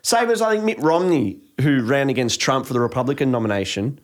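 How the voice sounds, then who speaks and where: A man's voice: mid-range voice, lively intonation, fairly quick. A man in casual podcast chat, ranting heatedly with frequent swearing and restarts. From Australia.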